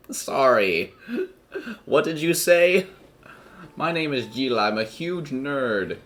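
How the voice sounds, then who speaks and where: A man's voice: medium pitch, expressive, slow pace, long pauses, a bit bright, faint music behind. A man giving let's play commentary over a game, joking and mocking its old-fashioned dialogue. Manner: jokey, mocks the game's old-fashioned dialogue. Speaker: game streamer.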